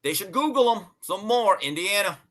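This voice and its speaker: A man with a high, bright, ringing voice hosts casual sports talk. He tells stories with animated emphasis and swears freely. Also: normal speed. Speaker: sports show host.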